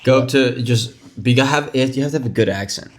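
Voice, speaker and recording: A man of middle pitch who talks eagerly and at length, often hedging what he says. He sounds like a podcast co-host in relaxed chat. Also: quick pace. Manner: enthusiastic, chatty, hedging. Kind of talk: casual chat.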